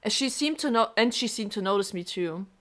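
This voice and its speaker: Lively emotional woman streamer, reads along and reacts, pitch all over. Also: brisk. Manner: emotional and expressive, with laughs. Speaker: game streamer. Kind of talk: reading and reacting to a game.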